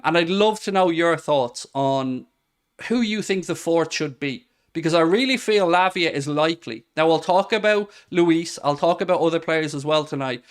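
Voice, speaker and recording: Male streamer, 30s, candid and self-mocking, clean smooth tone, reads out viewer comments. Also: on the high side. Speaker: football podcast host. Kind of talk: live-stream chat reading viewer comments.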